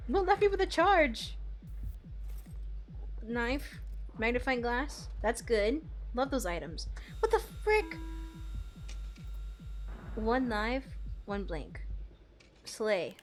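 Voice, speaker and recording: A playful young woman talks slowly through her gameplay, voice sitting a little high. She drops to quiet mutters and then bursts out loudly. Soft game music plays faintly behind her. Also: expressive. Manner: playful, swinging from loud outbursts to quiet mumbling. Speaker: streamer. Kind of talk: casual gameplay commentary.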